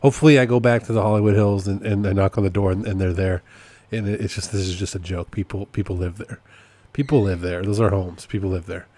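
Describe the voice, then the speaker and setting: A man's voice: low voice, fairly even intonation, fast talker, hardly any pauses, warm tone. A man hosting a casual solo podcast update, rambling and amused at himself, often repeating his points. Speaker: podcast host and process server.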